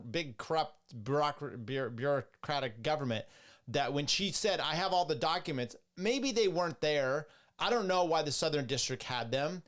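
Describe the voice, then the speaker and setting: A man's voice: a little high, fairly bright tone. A young man hosting a podcast, rambling and sarcastic as he comments on clips, with frequent restarts and asides. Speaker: podcast host. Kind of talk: casual commentary.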